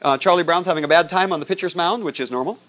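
A man lectures to a class in a loose, conversational way, often pausing to check in with his listeners. His voice sits a little high for a man, and the recording is dull and lo-fi. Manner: conversational, frequent "okay?" and "see?" checks.

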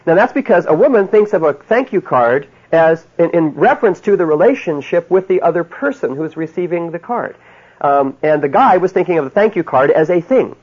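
A husky, slightly high-voiced man speaks to a live audience in a folksy, chuckling way, checking in with "you see?" again and again. The recording is a dull lo-fi tape. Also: expressive, a little fast. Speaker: seminar speaker on marriage. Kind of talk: storytelling talk to a live audience.

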